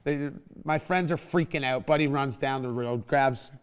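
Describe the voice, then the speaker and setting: A young man hosting a casual chat, telling a lively, swearing, laughing story. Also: medium pitch, moderate pace, clear, resonant tone. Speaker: podcast host.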